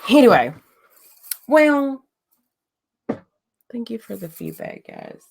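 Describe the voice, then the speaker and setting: Blunt gravelly woman chatting. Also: fairly high pitch, big pitch swings, slow. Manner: blunt, profane, roasting a chat troll. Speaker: livestream host. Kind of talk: casual livestream chat.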